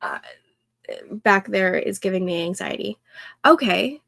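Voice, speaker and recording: A young woman hosting a casual co-working livestream, thinking aloud and reading chat comments in a soft, soothing voice. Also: mid-range voice, lively intonation, unhurried, creaky, no echo. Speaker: livestream host.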